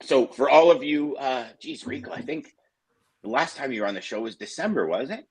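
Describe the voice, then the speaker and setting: A man co-hosting a casual morning show over a video call, animated and laughing as he rambles through stories. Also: mid-range voice, fairly quick, husky, no room sound. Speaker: co-host.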